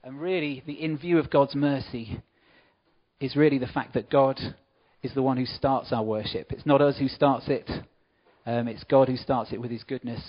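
Guy giving a chatty church talk, mid-pitched, slightly dull muffled recording. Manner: chatty, warm asides to the congregation. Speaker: church speaker.

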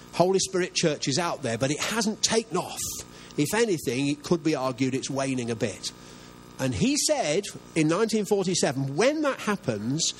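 A man's voice: fairly high pitch, slight background noise, rough recording. An older man preaching a sermon as pastor, earnest and emphatic, often asking his listeners questions.

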